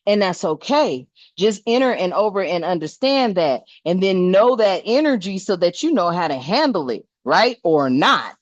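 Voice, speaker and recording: A woman's voice: lowish voice, expressive, normal speed, hardly any pauses, no room sound, highs cut off. An older woman, host of a spiritual vlog, talking casually in a blunt, salty way, preaching and swearing and calling her viewers "family.".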